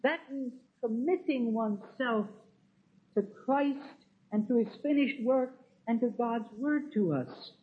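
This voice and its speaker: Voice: medium pitch, takes it slowly. A preacher giving an emphatic sermon, full of rhetorical questions. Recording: tinny, phone-like sound.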